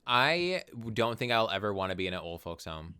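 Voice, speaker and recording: Bright, clear-voiced young man chatting. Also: fairly low pitch, a little fast. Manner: animated, laughs often, swears casually. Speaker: podcast co-host. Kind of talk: casual chat.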